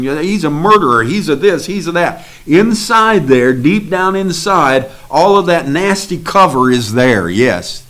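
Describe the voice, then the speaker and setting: Earnest male preacher, soft then emphatic. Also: medium pitch. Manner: earnest, swings between soft confiding and raised emphatic lines. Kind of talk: sermon.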